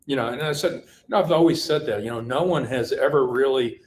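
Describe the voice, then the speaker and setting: A man's voice: medium pitch, brisk, poor audio. A man who works as a crime reporter talks in an easy, conversational way. His voice sits in a middle range. He tells stories at length and repeats words as he gathers his thoughts. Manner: storytelling, repeats words while thinking. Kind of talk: casual studio chat.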